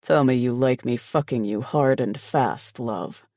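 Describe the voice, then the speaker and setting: A rugged, passionate young man talks in a low, gravelly murmur, as a male narrator plays him. He speaks slowly and close to the ear. It is a romance audiobook with a dry, close recording. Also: darkish tone, no echo, natural voice. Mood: husky.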